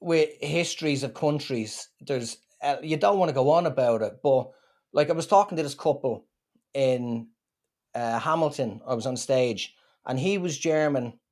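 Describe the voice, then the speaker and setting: A man with an Irish accent, a comedian being interviewed, telling stories in a lively, joking way. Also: mid-range voice, moderate pace. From Ireland. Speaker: guest comedian. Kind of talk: casual chat.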